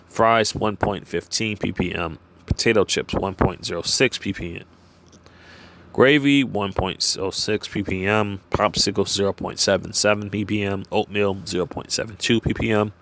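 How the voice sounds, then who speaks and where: Reading figures off a page, a vlogger with a lowish, gravelly voice stays plain and even. Off script, he muses aloud haltingly, rambling, restarting and scattering "uh" and "you know" throughout.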